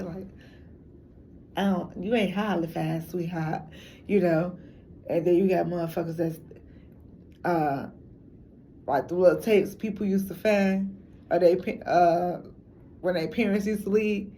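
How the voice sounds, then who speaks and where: Gravelly, dark-toned woman from Chicago. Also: fairly low pitch, fairly even intonation, a little slow, long pauses, slight background noise. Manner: rambling, slangy, frank, laughs often. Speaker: documentary interviewee. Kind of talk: casual talk to camera.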